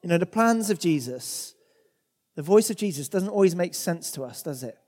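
A man's voice: high-pitched, expressive, moderate pace, darkish tone. A man preaching a sermon in a conversational way, often repeating words as he goes. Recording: long hall reverb.

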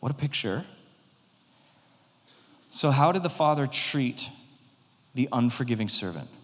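A man preaching a sermon as pastor, swinging from loud emphasis to hushed, quiet lines. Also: mid-range voice, expressive, measured pace. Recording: long hall reverb.

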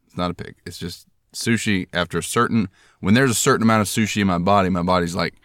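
Deep-voiced man telling rambling stories. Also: steady tone, fast talker, a bit bright, no echo, clean studio sound. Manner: rambling, self-deprecating, jokey. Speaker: podcast host. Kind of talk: casual podcast storytelling.

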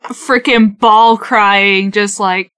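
A woman playing a tabletop game, excitable and stammering as she speaks for her character. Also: mid-range voice, extremely slow. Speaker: player.

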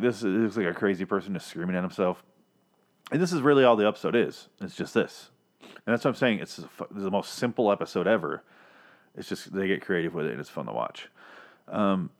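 A man with a lowish voice talks through a TV episode in a loose, rambling way. He swears freely and restarts his sentences often, in a relaxed conversational flow. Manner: rambling, profane, many restarts. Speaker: podcast host reviewing a TV episode. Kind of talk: casual review chat.

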